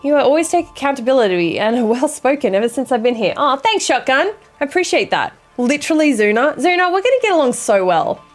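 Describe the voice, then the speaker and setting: A woman's voice: high voice, very animated, a little fast, few pauses, faint music behind. A young woman streamer chatting casually with her viewers and reading chat aloud, with a dry, sarcastic sense of humor and sassy banter.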